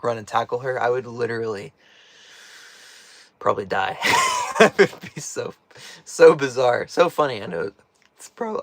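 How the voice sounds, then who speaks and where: A man's voice: mid-range voice, vocal fry, no echo. Guy chatting on a livestream in a tiny house, laughs a lot, voice cracks sometimes, pretty dry sound. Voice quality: voice cracks at times. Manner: chatty, jokey, laughs often. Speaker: host reading a live chat. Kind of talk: casual live-stream chat. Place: inside a small tiny house.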